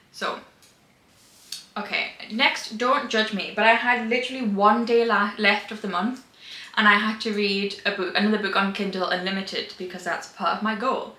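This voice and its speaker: Young female book vlogger, emphatic, rambling, bright and sharp tone, room echo. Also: medium pitch. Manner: gushing, emphatic, rambling with restarts. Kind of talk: casual reading wrap-up chat. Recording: roomy echo.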